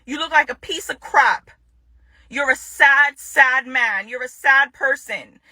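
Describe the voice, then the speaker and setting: Addressing her ex-partner directly in a public video, she speaks slowly in a fairly high, bright, tense voice. The recording is close and free of echo, and she hammers her angry points by repeating them.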